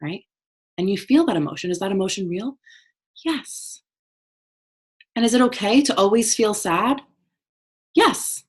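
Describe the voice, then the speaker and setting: This woman teaches emotional intelligence in a conversational, motivational style, checking in with her listeners often and speaking frankly with casual swearing. Her mid-range voice is animated and breathy-edged, at a measured pace with frequent pauses.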